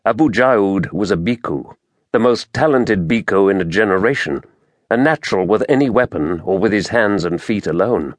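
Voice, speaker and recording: A man narrating a fantasy audiobook in a measured, dramatic storytelling manner, recorded close to the mic. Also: fairly low pitch, lively intonation, no room sound.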